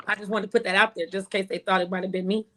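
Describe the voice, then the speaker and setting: A young woman hosting a casual talk show, brash and profane, telling her stories with big animated swings. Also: medium pitch, racing, noisy background. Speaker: podcast host. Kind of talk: casual chat.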